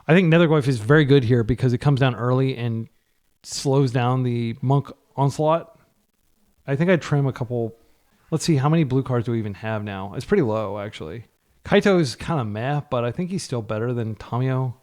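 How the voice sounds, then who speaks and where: Excitable man commentating a card game. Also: medium pitch, normal speed. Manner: excitable, pleads with his deck, spiking up when frustrated. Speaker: card game player and channel host. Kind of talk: casual gameplay commentary.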